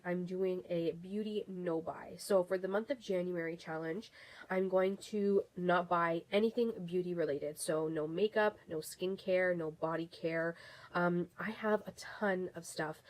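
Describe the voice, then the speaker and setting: Woman, young adult, beauty vlogger, casual chat, rambling, restarts, lowish pitch. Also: a little mellow, poor audio. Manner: chatty, rambling with restarts and fillers. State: has the hiccups.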